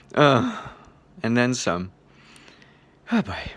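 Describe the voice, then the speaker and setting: A man giving a relaxed spoken lecture on meditation, chuckling often in a loose, playful way. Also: mid-range voice, drawn-out words. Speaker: meditation teacher.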